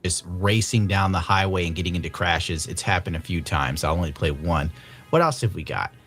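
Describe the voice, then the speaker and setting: Male video commentator, sardonic, low voice, faint music behind. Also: fairly quick, a bit bright.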